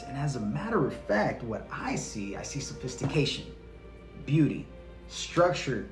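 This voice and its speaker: A man hosting a history lesson, talking bluntly and casually with slang. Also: on the high side. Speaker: history channel host. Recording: roomy echo with faint music.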